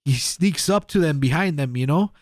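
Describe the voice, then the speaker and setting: A man's voice: on the high side, lively intonation, normal speed, a little mellow, dry recording, studio quality. A young man, co-hosting a podcast and telling a rambling story full of fillers and swearing. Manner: rambling, heavy filler and profanity, acts out quotes. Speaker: podcast co-host. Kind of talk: casual storytelling.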